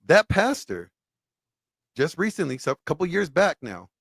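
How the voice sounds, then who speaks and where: A man speaking as a podcast guest, adding animated, casual commentary and quick agreements. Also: a little high, creaky, husky, dry recording, studio quality.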